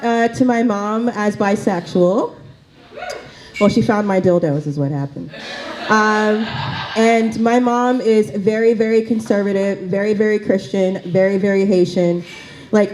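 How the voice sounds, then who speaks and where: A woman's voice: mid-range voice, darkish tone, slight background noise, rough recording. A woman doing a stand-up comedy set in a small cafe, chatty and full of fillers and asides.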